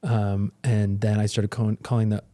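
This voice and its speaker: Male, 30s, ex-pro athlete guest; lowish, warm voice, rambling and filler-heavy. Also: flat delivery, moderate pace. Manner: loose, rambling storytelling with many fillers. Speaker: interview guest, former pro snowboarder. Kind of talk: casual interview talk.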